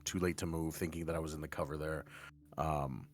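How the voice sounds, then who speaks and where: A man's voice: rumbling low, fairly even intonation, fairly quick. A man playing in a tabletop game, chatting casually and stammering as he restarts sentences. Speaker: player.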